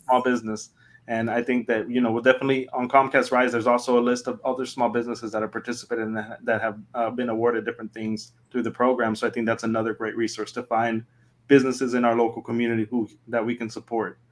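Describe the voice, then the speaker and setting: A man's voice: mid-range voice, fast talker. A man hosting a live-stream panel discussion over a video call, encouraging and affirming his guests. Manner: even, encouraging, frequent affirmations. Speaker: host.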